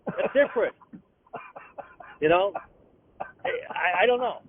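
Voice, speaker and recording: High-pitched comic ranting by phone. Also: male voice, very animated, husky, no room sound. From Boston. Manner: rapid, repetitive, stammering restarts. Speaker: comedian guest. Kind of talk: comic rant. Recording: tinny phone-like line.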